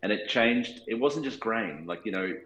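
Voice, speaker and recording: Deep-voiced Australian man, roomy sound. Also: lively intonation, moderate pace, a bit bright, slight background noise. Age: 40s. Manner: thoughtful, hesitant, many restarts and fillers. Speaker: cinematographer guest. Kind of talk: casual interview talk.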